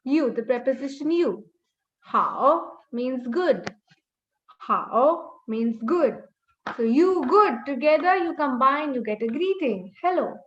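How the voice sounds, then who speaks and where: Female language teacher, high voice, patient and repetitive, slightly dull webinar audio. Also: lively intonation, unhurried, a little hiss or hum. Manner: patient, repeats key points, models sounds. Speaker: Mandarin teacher. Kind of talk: online language lesson.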